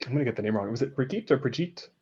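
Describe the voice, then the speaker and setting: A man's voice: mid-range voice, rapid-fire, warm tone, slightly rough. Easygoing man game master, dull mic. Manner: easygoing, prompting players with questions. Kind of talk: running a tabletop game.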